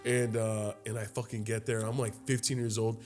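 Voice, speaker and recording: A young man co-hosting a podcast, telling a long story in a casual, profane, animated way and acting out the other people's lines. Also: fairly low pitch, brisk, faint music behind. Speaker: podcast co-host. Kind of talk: casual chat.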